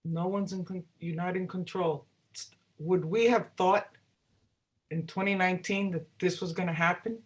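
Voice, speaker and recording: A woman singer-songwriter, a guest in an interview, telling stories in a lively way and acting out the dialogue she quotes. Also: on the low side, moderate pace. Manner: animated, acts out quoted dialogue. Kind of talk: storytelling in a casual interview.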